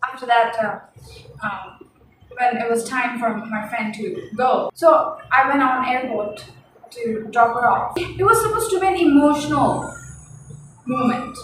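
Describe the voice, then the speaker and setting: A young woman with a high voice tells a story in a loose, chatty vlog, exasperated and full of fillers and repeated words. She sits back from the mic in a very echoey room, with faint hiss underneath. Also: expressive, measured pace. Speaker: vlogger. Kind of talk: casual storytime chat. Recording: echoey room heard from a distance.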